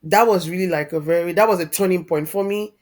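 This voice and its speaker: Low-voiced woman, heartfelt. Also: fast talker, darkish tone. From Nigeria. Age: 30s. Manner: heartfelt, reflective, openly emotional. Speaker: guest. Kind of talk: candid personal storytelling.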